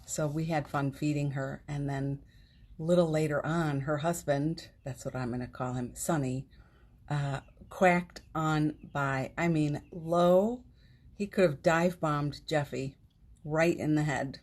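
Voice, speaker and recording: A woman hosting a morning live stream, chatting gently and affectionately with viewers, greeting them by name and laughing often. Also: low voice, steady tone, slow pace. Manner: laughs often, speaks softly. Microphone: phone.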